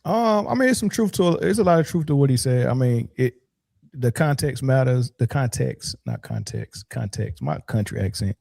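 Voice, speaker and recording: A man with a warm, mellow voice talks in a loose, filler-heavy way. The sound is dry and close, with no room echo. He speaks as a podcast co-host in casual chat. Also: medium pitch, a little fast, gravelly.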